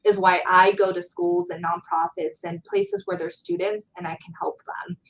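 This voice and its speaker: A young adult woman, a Gen Z college student, is a guest speaker in a casual interview, talking earnestly and from the heart about motivating students. Her medium-pitched voice swings widely in pitch at a moderate pace, with vocal fry. The recording is rough, with a little hiss or hum.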